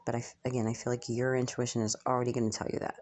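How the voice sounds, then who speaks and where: A young woman gives a channeled spiritual reading to her viewers. Her voice sits strikingly low, and she muses aloud, hesitating often with ums as the message comes to her. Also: little pitch movement, very fast, a little mellow.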